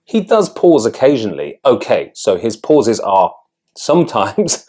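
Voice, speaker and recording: Man, speaking coach, lively rising and falling voice, deliberate emphasis, explanatory lesson. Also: fairly low pitch. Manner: clear, deliberate emphasis on key words.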